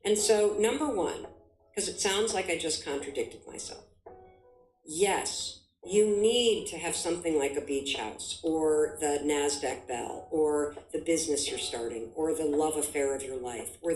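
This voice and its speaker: Emphatic motivational woman, low voice. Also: normal speed, roomy sound, low-quality recording. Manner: emphatic, forceful delivery with vivid examples. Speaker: guest speaker. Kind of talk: motivational talk.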